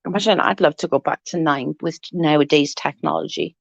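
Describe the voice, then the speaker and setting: A woman in her forties with a low, gravelly voice talks briskly and casually to livestream viewers from home, laughing a lot and swearing freely as she rambles. There's no echo, and the lo-fi recording sounds dull and dry.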